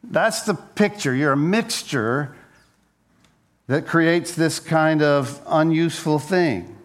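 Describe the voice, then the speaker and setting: A pastor delivers a conversational sermon in a fairly high, slow voice, playfully joking and telling stories while frequently repeating words.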